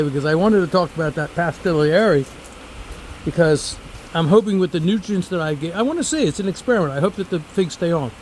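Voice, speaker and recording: A man's voice: a little high, slight background noise, low-quality recording. A man in his seventies, a former teacher, chatting casually and rambling off on tangents while he picks figs outdoors. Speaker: fig grower and former teacher. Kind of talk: casual garden vlog. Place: outdoors among fig trees.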